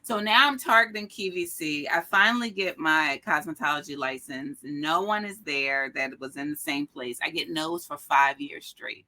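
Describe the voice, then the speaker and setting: A middle-aged woman guest telling an inspirational personal story with an animated, emphatic, preacherly delivery. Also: sits low, moderate pace, few pauses. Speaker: podcast guest.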